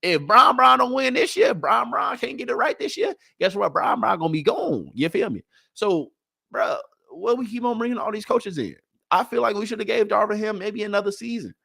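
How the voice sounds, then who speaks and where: A man hosting a casual solo sports talk show, animated and full of slang, talking straight to his listeners. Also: sits high, moderate pace, vocal fry, no echo, studio quality. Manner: animated, hyped, talks straight to the audience with slang. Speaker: sports podcast host.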